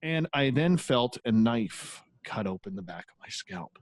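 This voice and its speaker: A man's voice: medium pitch, expressive, unhurried, no room sound. A man, a guest who hosts his own radio show, telling a personal story in a casual, candid interview with occasional swearing.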